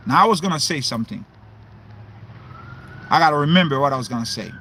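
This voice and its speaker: A man preaching in a livestream sermon, questioning his listeners, repeating himself and breaking into shouts. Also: fairly high pitch, expressive, fast, long pauses, breathy edge.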